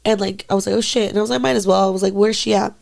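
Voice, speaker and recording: A woman's voice: medium pitch, fairly even intonation, racing, creaky, a little mellow. A young woman co-hosting a podcast, telling a personal story in casual chat, full of "like" and swearing freely. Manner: candid storytelling, heavy filler "like", swears freely. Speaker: podcast co-host.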